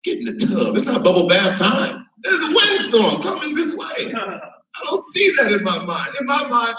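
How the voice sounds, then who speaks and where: A bright, animated stand-up comedian from Chicago performs, his voice sitting high as he laughs at his own jokes. The recording is roomy, picked up from a distant mic.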